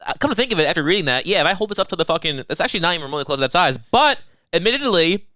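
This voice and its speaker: A young man co-hosting a podcast, telling stories in casual banter with a deadpan edge. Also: on the high side, very fast, no room sound, clean studio sound. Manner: deadpan storytelling with mock-drunk asides. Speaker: podcast co-host.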